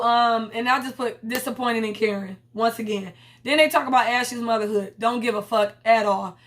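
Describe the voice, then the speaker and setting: A woman's voice: on the high side, moderate pace, hardly any pauses. A young woman reviewing a reality TV episode in a blunt, profane, slangy casual chat. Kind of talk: casual commentary vlog.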